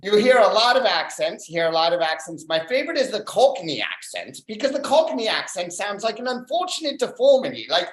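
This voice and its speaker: An open mic stand-up comedian doing a dry, deadpan set on a club stage, pausing often on fillers. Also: medium pitch. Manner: deadpan, dry one-liners with filler pauses. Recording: roomy club echo.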